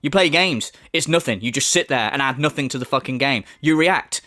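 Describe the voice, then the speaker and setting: A man's voice: medium pitch, brisk, bright, forceful tone, dry recording, clean studio sound. A man hosting a reaction commentary, mocking and swearing with heavy sarcasm. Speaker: commentary channel host.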